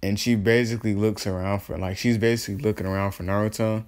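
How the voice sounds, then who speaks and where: A man's voice: lowish voice, steady tone, fast, darkish tone. A man telling an improvised fan story in a rambling, slangy way, full of fillers and self-corrections.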